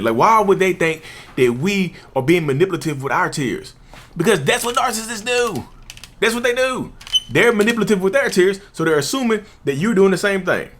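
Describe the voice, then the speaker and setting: Animated man explaining with emphatic repetition. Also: fairly high pitch, a little hiss or hum. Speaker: channel host, self-described narcissist. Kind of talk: casual talking-head commentary.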